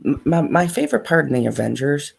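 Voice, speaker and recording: A man's voice: on the high side, sing-song, a little fast, creaky, breathy edge. A man from New York co-hosting a casual live stream, grumbling and joking. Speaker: co-host.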